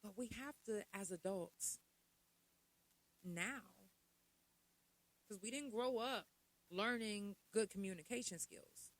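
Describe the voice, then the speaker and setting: A woman's voice: medium pitch, slow, long pauses, no echo, rough recording. A middle-aged woman talks straight to her podcast audience in a loose, conversational way. She poses rhetorical questions and adds asides as she goes. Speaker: podcast host. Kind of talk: casual podcast monologue.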